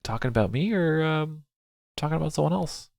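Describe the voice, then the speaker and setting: This man streams a story game, narrating nervously, cursing, and voicing some lines half in character as he reads dialogue aloud. His voice sits a little high and is animated, slightly fast, and a bit mellow, with vocal fry. The sound is clean studio quality without echo, though game music plays in the background.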